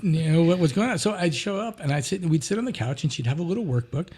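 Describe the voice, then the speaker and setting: Husky high-voiced man telling travel stories. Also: fast. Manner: lively, breaks into sung and acted quotes. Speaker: podcast guest. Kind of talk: animated storytelling.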